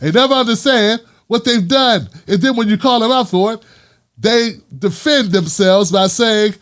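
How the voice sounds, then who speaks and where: A male vlog host delivers an emphatic, opinionated commentary monologue. His voice sits high for a man, and he hammers his points with repetition. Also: moderate pace, a bit bright. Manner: impassioned, emphatic, repeats lines for punch.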